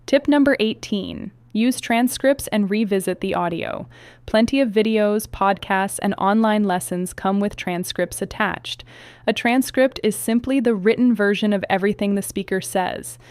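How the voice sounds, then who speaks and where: A woman reading a scripted English listening lesson in an even, measured way. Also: medium pitch, clear, resonant tone, no echo. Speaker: English teacher. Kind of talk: scripted narration.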